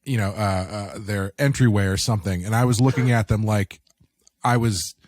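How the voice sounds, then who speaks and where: A man co-hosting a podcast, telling stories in a wry, deadpan way. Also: fairly low pitch, normal speed, no room sound, studio quality. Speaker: podcast co-host. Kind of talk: casual chat.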